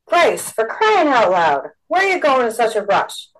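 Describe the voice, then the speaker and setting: An eager, helpful teenage boy, as a woman reading a story puts him on, hollering over noise in a voice raised high above her usual one. His lines come out bright and a little strained. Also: big pitch swings, unhurried, poor audio.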